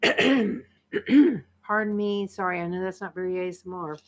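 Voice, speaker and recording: A woman, chatting casually with viewers on a livestream, tired and a bit croaky, laughing often and rambling with fillers. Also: mid-range voice, unhurried. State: tired, frog in her throat. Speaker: livestream host. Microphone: computer microphone.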